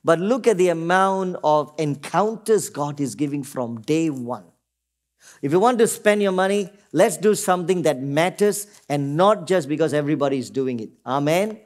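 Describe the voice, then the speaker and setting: This pastor, a middle-aged man from Singapore, delivers a sermon at a moderate pace with a fairly high, expressive voice and a darkish tone. Throughout, he calls out "Amen?" to the congregation and briefly acts out quoted voices as he teaches.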